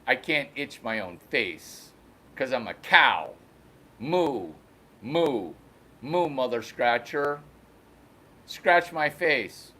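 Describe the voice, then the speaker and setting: A man's voice: medium pitch, animated, very slow, long pauses, sharp tone, exaggerated voice. A man voicing a big, old, laid-back male cow who talks in blunt, crude slang and calls people bro. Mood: unbothered.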